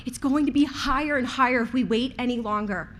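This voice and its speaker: A woman in her thirties speaks up at a school committee meeting, her high voice unsteady and tearful as she pleads. She is nervous and emotional, and a faint hum of the room sits behind her words. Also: brisk, a bit bright. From outside Rhode Island. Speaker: resident giving public comment.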